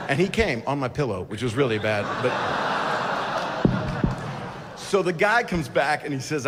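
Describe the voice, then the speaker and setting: In a reverberant hall with crowd ambience and a noisy background, a middle-aged stand-up comedian speaks at normal speed with lively, medium-pitched intonation and long pauses. His routine is crude and digressive, packed with asides that cut himself off.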